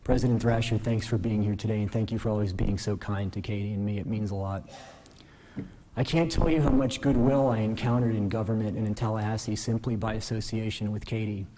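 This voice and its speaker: A man in his forties, a newly appointed justice, giving a formal ceremonial speech from a podium in a courtroom, earnest and gently self-deprecating. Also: fairly low pitch, fairly even intonation, fairly quick, low-quality recording.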